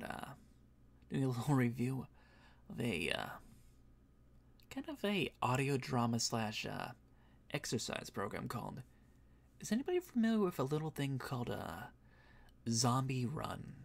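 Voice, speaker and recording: A voice actor and streamer chats casually on stream, rambling with fillers and soft laughs while sounding a bit tired and yawning. His voice is medium-pitched and creaky.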